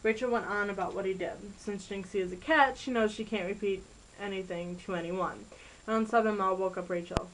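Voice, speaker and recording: A woman narrating an amateur story in a plain, unhurried reading. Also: mid-range voice, fairly even intonation, a little hiss or hum, poor audio.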